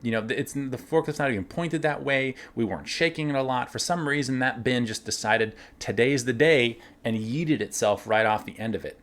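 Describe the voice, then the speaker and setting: A man casually telling workplace stories, animated, laughing now and then and acting out the lines of others. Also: mid-range voice, a little fast, hardly any pauses. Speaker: winery cellar worker telling stories. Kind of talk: casual storytelling.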